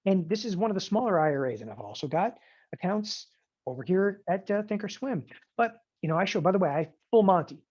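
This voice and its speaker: Emphatic male trading instructor, animated seminar pitch, muffled webinar audio. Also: husky. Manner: emphatic, animated, keeps asking "okay?". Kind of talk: online seminar sales pitch.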